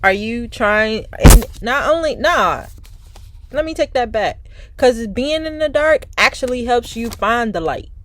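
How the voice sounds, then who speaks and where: Slangy, profane woman tarot reader. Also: a little high. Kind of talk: casual spiritual card reading.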